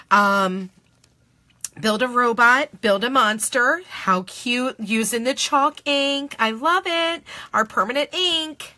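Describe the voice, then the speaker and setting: A woman's voice: a little high, sharp tone, dry recording. A woman in her thirties hosting a live video on her phone, gushing over craft products and greeting viewers by name. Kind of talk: live product showcase chat.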